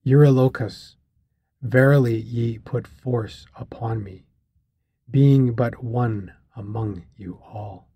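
A man's voice: medium pitch, fairly even intonation, breathy edge, dry recording, highs cut off. A man reading as a grave, commanding ancient captain. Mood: stern command. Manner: slow, solemn, archaic phrasing. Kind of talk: audiobook reading of a classic epic.

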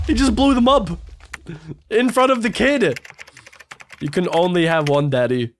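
Man, high voice, excitable reaction host, shouty bursts, music underneath. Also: unhurried, pauses often. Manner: excitable, jumps to shouting and laughs often. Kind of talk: gaming reaction commentary. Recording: music playing clearly underneath.

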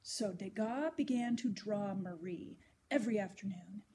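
A woman reading a children's story aloud, gentle and expressive. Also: mid-range voice, a little slow, background noise.

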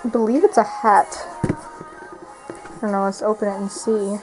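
A woman's voice: medium pitch, fairly even intonation, unhurried, over music, poor audio. A teenage girl talking casually in a vlog from her bedroom, rambling and filling her talk with "like". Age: teens. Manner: chatty, rambling, heavy use of "like". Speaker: vlogger.

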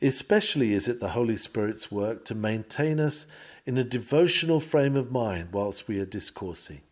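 A man's voice: medium pitch, animated, normal speed. Solemn man reading an old sermon. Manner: solemn, earnest preaching cadence. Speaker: reader of a sermon lecture. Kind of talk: read-aloud sermon.

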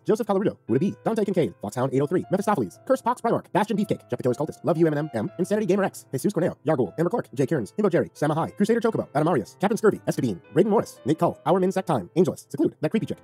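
Husky male horror storyteller. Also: a little high. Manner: dramatic, slowing to a hush on key lines. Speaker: horror story narrator and host. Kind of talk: horror storytelling and channel outro.

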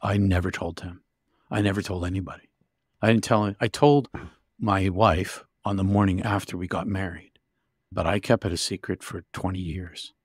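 A man's voice: deep voice, fairly even intonation, moderate pace, breathy edge, no room sound, studio quality. A man telling a personal story vividly and intensely as an interview guest, with frequent restarts.

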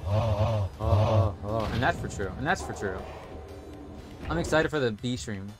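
A man's voice: fairly low pitch, measured pace, loud music behind the voice. A young man casually commentating a video game stream, rambling and swearing often.

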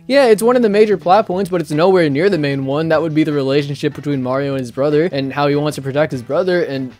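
Biraz tiz sesli bir adam, oyun oynarken bol küfürlü ve bıkkın bir tepki yorumu yapıyor; arkada hafif müzik var. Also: male voice, fairly high pitch, fast, few pauses, darkish tone, soft background music. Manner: exasperated, heavily profane ranting; playing a video game while talking. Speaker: channel host reacting to a clip. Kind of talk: reaction commentary.

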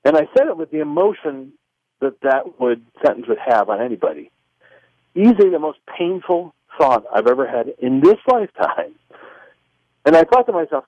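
Animated man telling a story on a muffled radio phone line. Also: fairly high pitch, normal speed, slightly rough, no echo. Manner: lively, acts out both sides of remembered dialogue. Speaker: author and filmmaker guest.

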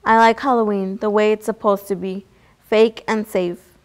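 A woman's voice: mid-range voice, steady tone, moderate pace, a little mellow, close to an everyday voice. A woman reading the lines of an eager young boy hero in her own plain voice.

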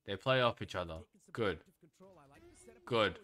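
A man streaming himself watching an esports match, commenting live and swinging into loud, exasperated rants, swearing when frustrated. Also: on the low side, takes it slowly.

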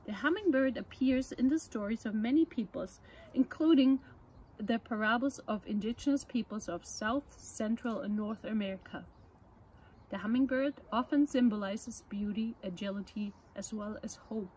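A woman presenting children's books, reading a picture book aloud at story time in a gentle, measured way. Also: a little high, slight background noise, low-quality recording.

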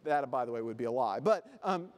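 A man speaks fast in a mid-range voice with lively intonation. He's the keynote speaker at a convention hall, giving a humorous motivational talk and acting out little scenes in funny voices, with live hall reverb.

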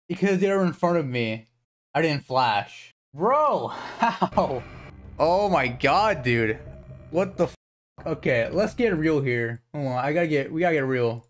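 A young man streaming a horror game, excitable and swearing, yelping and shouting whenever he gets startled. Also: a little high, measured pace, faint music behind. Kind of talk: live gameplay commentary.

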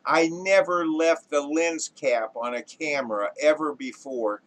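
A man's voice: fairly high pitch, a little slow, fairly bright tone. A man voicing a veteran cameraman who cannot believe his own mistake. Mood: embarrassed. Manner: disbelieving, apologetic. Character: veteran male cameraman, stunned and embarrassed.

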